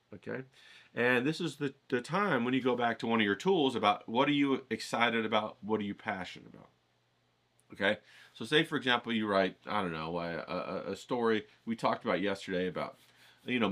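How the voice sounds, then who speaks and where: Brief: casual male vlog host, bright and forward tone, profane, chatty teaching style. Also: lowish voice. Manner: rambling, profane, keeps checking in with "okay?". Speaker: writing challenge host. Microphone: filtered through a voice isolator.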